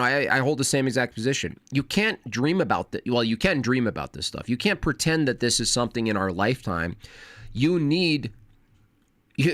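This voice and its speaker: Fast-talking man streaming casually. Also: medium pitch, fairly bright tone, no echo. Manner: fast, wordy, frequent restarts. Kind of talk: casual livestream commentary.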